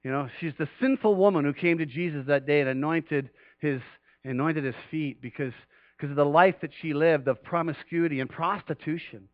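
Animated preaching man, dry dull sound. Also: a little fast, few pauses, dry recording. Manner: animated preaching, swells louder and higher for emphasis. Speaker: pastor. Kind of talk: sermon.

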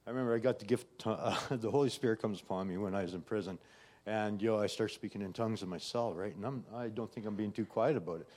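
A man's voice: fairly low pitch, fast, darkish tone. A middle-aged man giving a personal faith testimony in a conversational way, often adding "right?" and "you know". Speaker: testimony speaker.

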